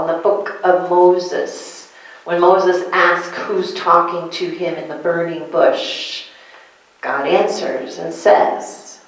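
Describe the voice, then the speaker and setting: Slow, emphatic woman preaching in an echoey hall. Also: lowish voice. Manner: emphatic, asks the listeners questions, repeats key phrases. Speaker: minister. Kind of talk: sermon-style lesson to a congregation. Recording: echoey room.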